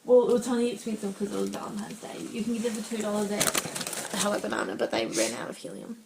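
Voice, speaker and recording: A woman's voice: mid-range voice, very animated, fast talker, gravelly, background noise. A woman co-hosting a podcast in casual chat, giggly and stumbling over her words. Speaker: podcast co-host.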